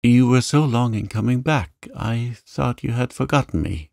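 A man voicing a spirited, quick-tempered young woman who speaks sharply and dismissively. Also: lowish voice, animated, creaky, a little mellow, no room sound, studio quality. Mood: excited, scornful.

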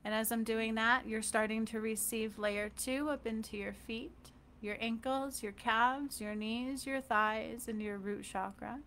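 A woman energy healer leading a guided healing meditation, talking softly and loosely with fillers and gentle check-ins. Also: a little high, fairly even intonation, a little slow, a little hiss or hum.

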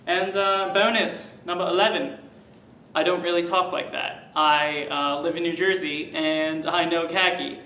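A young man puts on a muddled fake British-Australian accent, slow and high-pitched, full of ums and proud claims. He sits back from the mic in a roomy, echoing space with a faint hum behind. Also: fairly even intonation, sharp tone, recorded from a distance. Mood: boastful. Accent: fake British-Australian mix. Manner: listing facts with many ums and pauses, boastful.

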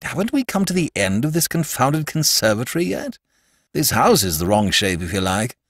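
Narrator voicing a jolly skeptic doctor, blunt and hearty, loud. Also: male voice, medium pitch, big pitch swings, normal speed, no echo, studio quality, voice pushed up. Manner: hearty and dismissive.

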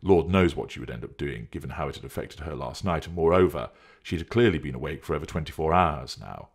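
A man narrating a story in a deliberate, measured way. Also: very deep voice, animated, slightly rough. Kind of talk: scripted audiobook narration.

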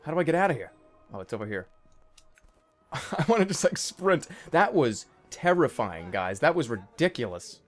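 A young man talks through a stealth game as he plays it, jumpy and excitable, often breaking into nervous laughter. His voice sits fairly high and swings widely in pitch. The sound is close and clear, like a desk microphone. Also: moderate pace, soft background music. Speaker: gaming video host. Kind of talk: let's play commentary.

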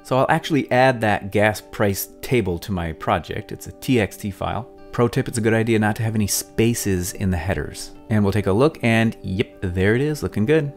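A man's voice: fairly low pitch, moderate pace, hardly any pauses, soft background music. Wry middle-aged man from Michigan. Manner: wry, relaxed storytelling with dry asides. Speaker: mapping tutorial host. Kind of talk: casual personal anecdotes and software walkthrough.

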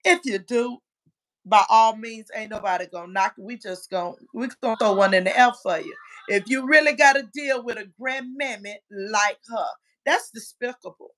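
A woman hosting a casual livestream, reading chat comments aloud in a brash, profane way and often shouting. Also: fairly high pitch, moderate pace.

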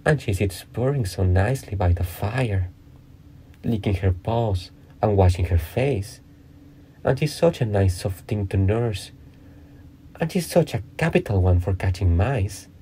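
A man's voice: lowish voice, lively intonation, unhurried, warm tone, slight background noise. A man reading aloud, voicing a curious, polite young girl who chatters primly, half to herself. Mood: chattering. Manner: prim, fussy, talks half to herself.

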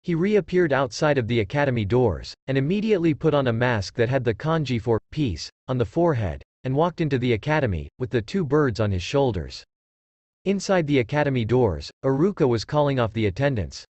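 Male storyteller, lively pitch, dry close recording. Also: brisk, no echo, lo-fi sound. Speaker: narrator. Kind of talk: fan fiction reading.

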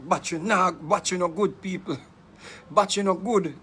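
A Jamaican man telling a story in casual, patois-heavy speech, animated and laughing often. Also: high-pitched, normal speed, slight background noise.

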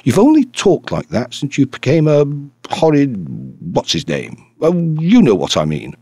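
A man voicing an excitable, earnest young woman in an audiobook reading, exclaiming eagerly. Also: medium pitch, normal speed, slightly rough, no echo, clean studio sound, pitched above the performer's own voice. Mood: indignant.

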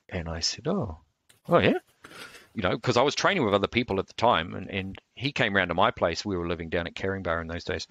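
A man, telling stories in a relaxed interview, rambling with lots of fillers and restarts. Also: sits low, no room sound. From New Zealand. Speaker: martial arts instructor.

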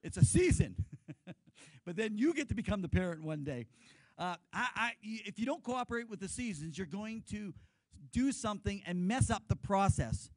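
A male pastor preaches in a lively way, telling stories and getting the congregation to repeat words back. His voice is unusually high for a man, and the sound is close and dry. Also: normal speed, no echo, poor audio. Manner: lively storyteller, leads the congregation in call-and-response. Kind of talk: sermon.

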